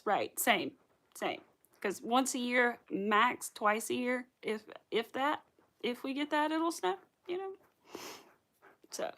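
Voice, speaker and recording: A woman's voice: fairly high pitch, fairly bright tone. A young woman from the Southern US with a light Southern accent, hosting a crochet livestream and chatting casually with viewers, rambling and laughing often. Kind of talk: casual chat with live viewers.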